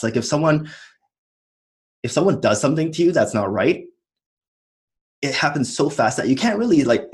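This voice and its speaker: A man in his thirties, an entrepreneur as guest, talking casually and reflectively, with frequent small laughs. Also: medium pitch. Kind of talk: casual chat.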